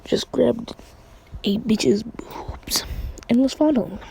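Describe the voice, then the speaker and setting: A woman's voice: on the high side, slow pace, vocal fry, mellow, slight background noise. A woman casually retelling a fan story in a rambling, crude way, often breaking into laughs.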